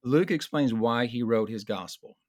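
A man teaching in a conversational Bible study discussion, earnest and explanatory, slowing down to stress key points. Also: medium pitch, darkish tone, no room sound, studio quality.

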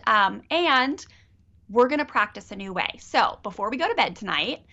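Bright, chatty woman parenting coach. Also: fairly high pitch, normal speed, muffled recording. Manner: animated, chatty, acts out quotes. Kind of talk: coaching call.

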